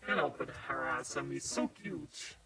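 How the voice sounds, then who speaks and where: A man's voice: medium pitch, animated, measured pace, vocal fry, poor audio. A male streamer cooing and gushing in baby talk to his pet dog. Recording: music playing loudly behind.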